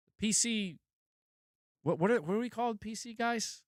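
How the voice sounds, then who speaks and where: A man's voice: a little high, normal speed, no echo, clean studio sound. A man hosting a gaming channel in a casual livestream chat, laid-back, swearing and laughing often, with a sore throat.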